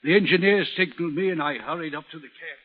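A man playing a haunted, husky railway signalman. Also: fairly high pitch, fast talker, close to an everyday voice. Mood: grim. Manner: earnest, urgent storytelling. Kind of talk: old-time radio drama acting. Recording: muffled old radio recording.

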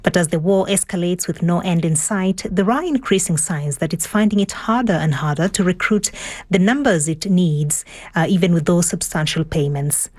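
A woman presenting a radio news show from the studio, steady and clear, with the odd small slip. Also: fairly low pitch, moderate pace.

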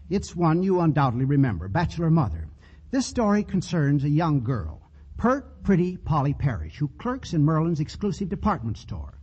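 A man hosting a 1940s radio comedy theater in a genial, chatty showman manner, with a husky voice on a dull old broadcast recording. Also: a little high, warm tone. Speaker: host.

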